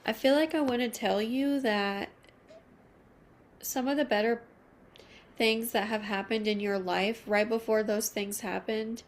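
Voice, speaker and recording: A woman giving a tarot reading to her viewers, soft and reassuring, moved almost to tears, slowing down as she names each card. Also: on the high side, steady tone. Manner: soft, emotional, reassuring, slow at card pulls. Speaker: tarot reader. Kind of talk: intimate tarot reading to camera.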